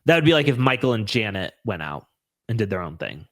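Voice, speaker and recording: A male podcast host talks in a loose, gossipy way, full of fillers and quick asides. His pitch swings widely as he talks. The sound is close and dry, with no room around him. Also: sing-song, a bit bright, no echo. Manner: chatty, lots of fillers, playful asides. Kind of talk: casual chat.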